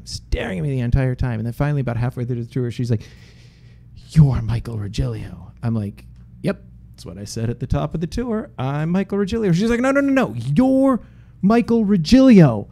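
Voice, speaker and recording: A man's voice: mid-range voice, fast, creaky. A man from Boston, a podcast co-host telling stories in a casual chat and putting on voices for the people in them. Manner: animated, puts on voices in his stories.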